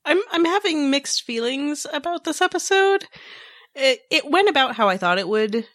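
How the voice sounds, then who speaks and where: A woman's voice: high voice, animated, moderate pace, fairly bright tone, dry recording, clean studio sound. A woman co-hosting a casual podcast chat, talking hesitantly with stumbles and self-deprecating asides. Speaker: podcast co-host.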